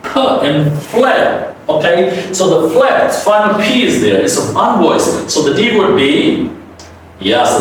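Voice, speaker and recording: Echoey, animated male pronunciation teacher. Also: on the high side. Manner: drills words slowly, repeats them for students to echo. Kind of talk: classroom pronunciation lesson. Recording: roomy echo, voice from a distance, faint noise.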